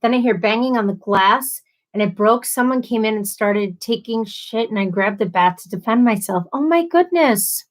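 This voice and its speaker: Reading viewer comments aloud on a casual live stream, this host answers with sympathy and the odd playful aside. Her voice is slightly high and her pace moderate.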